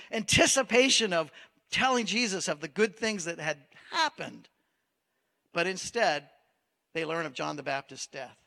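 Bright-voiced pastor preaching in a reverberant hall. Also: male voice, sits high. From Maine. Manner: conversational preaching with rhetorical questions. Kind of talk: sermon.

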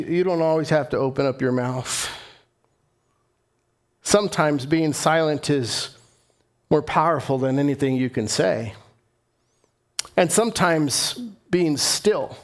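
A middle-aged man preaching a sermon as pastor, earnest and climbing to impassioned emphasis. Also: on the high side.

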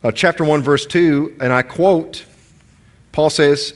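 A pastor with a Southern American accent preaches a sermon conversationally, adding asides and stories. His voice is a little high and his pace slow.

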